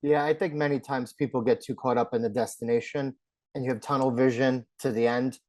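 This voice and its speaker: A man's voice: mid-range voice, steady tone, a little fast, darkish tone, no room sound. Host: man, reflective, dry close sound, conversational. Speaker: podcast host. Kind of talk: casual interview chat.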